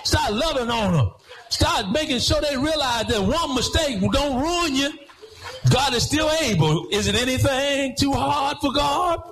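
A pastor preaching a sermon in church, rhythmic, swinging between half-sung phrases and shouted lines. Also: male voice, extremely high pitch, animated, unhurried, rough recording.

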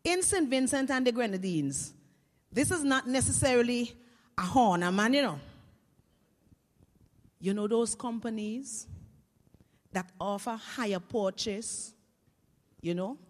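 A woman's voice: fairly high pitch, measured pace, pauses often. Woman telling a comic tale in an echoey hall. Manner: lively creole storytelling, swings from hushed to loud. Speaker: storyteller. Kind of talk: comic storytelling.

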